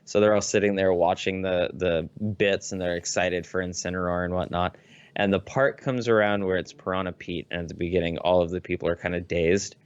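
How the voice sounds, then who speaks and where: A man co-hosting a podcast in casual chat, swearing a lot and getting excitable as he tells stories. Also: deep voice, fairly quick, clear, resonant tone, no echo, lo-fi sound. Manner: profane, excitable storyteller. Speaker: podcast co-host.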